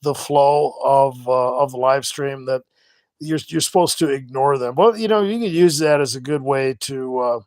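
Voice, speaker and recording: A middle-aged man hosting a live stream, talking casually and rambling with many halting restarts. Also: medium pitch, a little mellow, dry recording. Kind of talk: casual livestream monologue.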